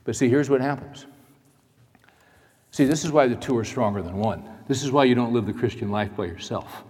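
A male pastor preaching a sermon in a church, dramatic, moving between loud emphasis and hushed asides. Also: mid-range voice, fairly quick, husky, long reverb tail.

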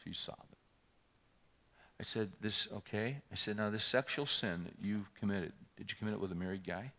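A middle-aged man preaching a sermon as pastor, shifting between loud scripture reading and quiet storytelling. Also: lowish voice, moderate pace.

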